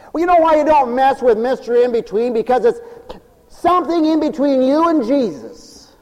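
A man preaching a folksy, animated radio sermon with humorous asides. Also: very high-pitched, moderate pace, long reverb tail, lo-fi sound.

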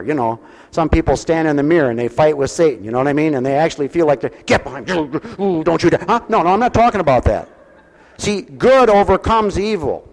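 A man preaching a sermon at a mission, folksy and pastoral, asking his listeners questions and swinging from soft asides to loud exhortation. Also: fairly high pitch. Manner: folksy and pastoral, speaks directly to listeners with call-and-response questions. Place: mission hall with a congregation. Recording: long reverb of a large hall.

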